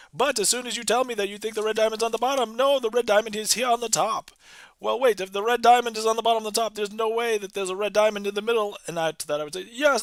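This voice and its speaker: A man's voice: extremely high pitch, a bit bright, no room sound, clean studio sound, pitched above the performer's own voice. A man putting on a 1920s huckster announcer. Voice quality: strained throat. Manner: old-timey radio announcer patter, teasing the mark. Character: fast-talking 1920s male card-game huckster. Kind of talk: live-streamed magic trick patter.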